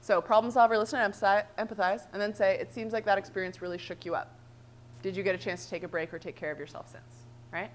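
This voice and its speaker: A woman trainer presenting a workshop, lively and animated, often checking in with "right?". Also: mid-range voice, quick pace, a little hiss or hum.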